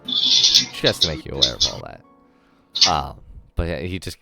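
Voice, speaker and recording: A man's voice: extremely low pitch, animated, unhurried, gravelly, sharp tone, soft background music. A man running a tabletop game as dungeon master, rambling with lots of ums and self-corrections.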